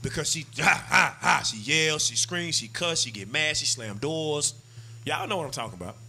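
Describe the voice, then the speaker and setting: Guy preaching, slangy and animated, real bright tone, acts out couples talking. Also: fairly high pitch, moderate pace, creaky, breathy edge. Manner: animated, slangy, acts out voices of husbands and wives. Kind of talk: street-style sermon.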